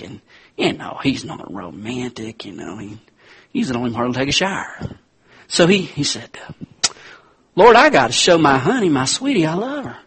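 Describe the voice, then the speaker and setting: A man preaching a sermon to his congregation, telling stories with sudden loud peaks. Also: mid-range voice, husky. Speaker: pastor.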